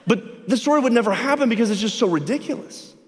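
Male pastor mid-sermon, lively and animated, voicing characters in his illustrations, reverberant church sanctuary. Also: very high voice, fast talker, a little hiss or hum. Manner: animated, acts out both sides of conversations.

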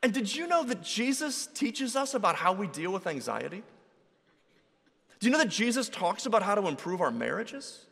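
A man preaching a sermon in a relaxed, conversational storytelling way, acting out the voices of people in his stories. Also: high-pitched, normal speed, vocal fry, breathy edge. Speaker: pastor. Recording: reverberant hall.

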